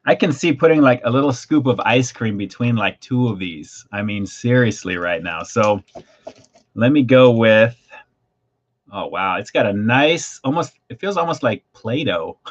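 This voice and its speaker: A man hosting a livestream snack review, chatty and excitable as he tastes and describes food. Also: mid-range voice, muffled recording.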